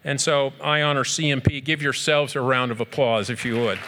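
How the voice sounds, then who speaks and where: Emphatic man giving a bright speech. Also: medium pitch, steady tone, a little fast, a little hiss or hum. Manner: earnest, emphatic, with rhetorical repetition and fillers. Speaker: speaker honoring a group at an event. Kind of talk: speech to an audience.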